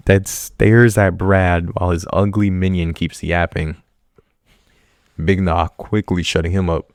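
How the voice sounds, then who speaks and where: A man giving a casual reaction commentary on a TV drama, animated and joking, with slangy talk. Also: sits low, measured pace, no echo, studio quality.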